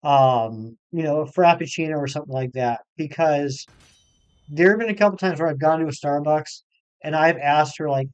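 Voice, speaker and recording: A man's voice: a little high, normal speed, a little mellow, clean tone, no room sound, lo-fi sound. A man streaming a game live, chatting casually and reading viewer comments aloud. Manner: chatty, reads chat aloud, self-deprecating. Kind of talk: live stream chat while gaming.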